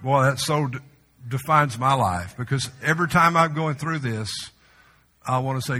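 A male pastor preaching a sermon in a church, conversational with humorous asides, sometimes dropping to a soft, slow voice. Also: a little high, lively intonation. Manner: drops to a soft, slow voice for tender moments. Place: church sanctuary. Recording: long reverb of a large hall.

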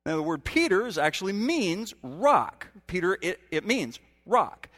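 Preaching from the stage of a church hall, a man with a high, fairly bright voice speaks a little slowly with big pitch swings. His conversational sermon erupts now and then into sudden emphatic rises, with long reverb from the hall.

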